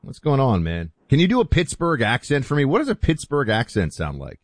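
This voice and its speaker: A man's voice: medium pitch, wildly swooping pitch, fairly quick, no room sound. A middle-aged man hosting a talk radio show, speaking loosely with fillers and restarts, with music faint behind him.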